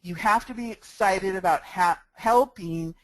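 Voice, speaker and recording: With a mid-range voice and measured pace, a female sales marketing instructor explains things step by step in a screencast. Talking through a budget headset microphone, she comes across friendly, practical and smiling. No room sound, rough recording quality.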